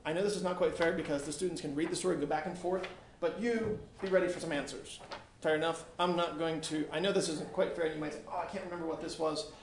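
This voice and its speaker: A man's voice: on the high side, steady tone, fast, few pauses. A male teacher reading a story aloud to a class in a classroom, with casual, chatty asides between passages. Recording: echoey room with faint noise.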